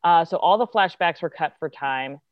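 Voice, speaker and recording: A woman's voice: on the low side, expressive, normal speed, no echo, dull audio. A woman actress, a guest telling a casual, chatty story and acting out the quotes. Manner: chatty, lots of filler likes, acts out quotes.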